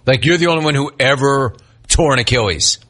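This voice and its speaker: A man's voice: mid-range voice, fairly quick, a bit bright. A man hosting sports talk radio, ranting at length in a sarcastic, mocking way. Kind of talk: heated sports talk monologue.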